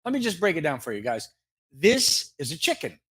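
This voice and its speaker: A man's voice: on the high side, sing-song, brisk, a bit bright, breathy edge. A man co-hosting a live comedy fake-news segment, rambling through jokes and laughing at his own gags. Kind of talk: mock newscast banter.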